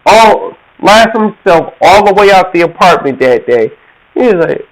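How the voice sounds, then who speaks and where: Telling a story in a casual, animated way, a Georgia, USA man laughs often and acts out the voices of people he quotes. He has a high voice at normal speed, captured in a rough recording.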